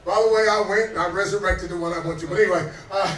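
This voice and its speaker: A man in his fifties preaching a sermon as pastor, swinging between soft asides and shouted exhortations that call out to the congregation. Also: sits high, steady tone, racing. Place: restaurant dining room. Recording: roomy echo, distant mic, faint music.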